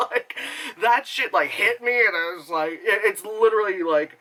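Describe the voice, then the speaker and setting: Animated, bright-voiced casual movie reviewer. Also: mid-range voice, a little hiss or hum, low-quality recording. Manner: rambling, lots of fillers and swearing; laughs often, does quick impressions. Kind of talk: casual spoken film review.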